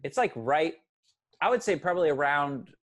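This twenty-something co-host of a laid-back movie podcast rambles, chats and keeps correcting himself. His voice is on the high side and a bit bright, with lively intonation at a normal speed.

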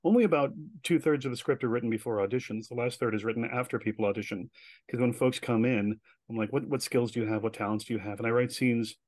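A man's voice: medium pitch, quick pace, no echo. Chatty storytelling man, dry close sound. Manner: chatty, animated storyteller with filler words. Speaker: guest, director and writer. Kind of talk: casual storytelling interview.

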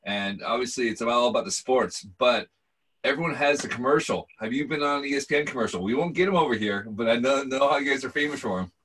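A man from the United States, a podcast co-host asking a relaxed question. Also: mid-range voice, quick pace, husky, rough recording. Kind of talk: casual interview chat.

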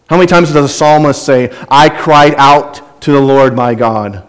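A male pastor preaching with earnest, conversational warmth, repeating key phrases to drive them home. His voice sits a little higher than most men's. The sound carries a long reverb, like a church sanctuary. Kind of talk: sermon.

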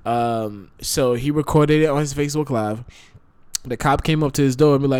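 A man co-hosting a podcast, chatting loosely and telling stories with lively asides. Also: medium pitch, moderate pace, clean tone, no room sound. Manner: loose, animated storytelling with put-on voices. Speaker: podcast co-host. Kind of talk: casual chat.

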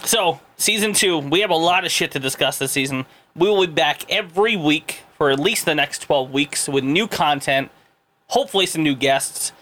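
A man's voice: fairly high pitch, normal speed, fairly bright tone. A young man hosting a podcast, chatting casually with a co-host, swearing a lot and laughing often. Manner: laughing, swearing, joking banter. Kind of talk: casual chat.

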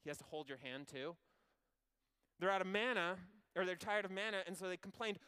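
A man preaching a sermon, retelling a story in an animated, conversational way with wry asides. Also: sits high, fairly quick, clean tone.

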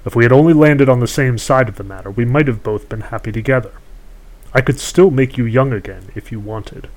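A scheming ageless sorceress who trades in stolen youth, as a man reads her out in a storybook. She talks down coolly, haggling, her voice lifting higher and louder when she presses her bargain. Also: fairly quick, natural voice, low-quality recording. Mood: scornful. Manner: cool, bargaining, condescending.

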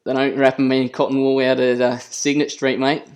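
A young Australian man co-hosting a casual podcast, telling a childhood story in a relaxed, easygoing way. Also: mid-range voice, a little fast. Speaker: podcast co-host.

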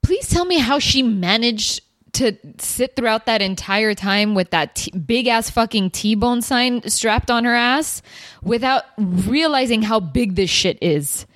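A woman's voice: on the high side, lively intonation, measured pace, a bit bright, no echo. A woman co-hosting a podcast in casual chat, laid-back and swearing, agreeing often. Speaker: podcast co-host.

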